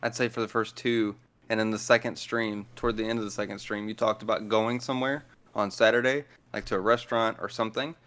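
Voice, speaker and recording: A man's voice: on the low side, steady tone, quick pace, a bit bright. A man speaking as a guest in a casual chat, blunt, direct and dry in manner.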